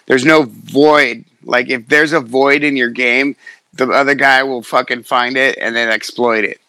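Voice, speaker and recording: A middle-aged man, a fighter, telling stories in casual chat, profane and animated, acting out quotes. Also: mid-range voice, measured pace, no room sound. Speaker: guest, fighter.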